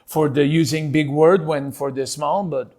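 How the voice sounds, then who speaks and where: A man voicing a Quebecois Canadian man with a French accent who speaks halting, deliberately broken English. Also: on the high side, fairly even intonation, a little mellow, lightly acted. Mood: explaining.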